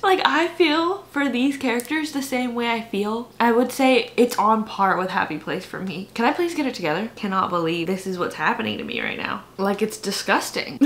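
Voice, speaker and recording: Young woman, high voice, casual vlog chat, giggly, gushing, filler-heavy. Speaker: book vlogger.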